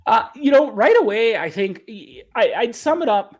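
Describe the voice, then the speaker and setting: A man's voice: extremely high pitch, big pitch swings, moderate pace. A man talking as an interview guest, a caddie reflecting earnestly and often restarting his sentences. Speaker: caddie and author, podcast guest. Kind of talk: casual interview talk.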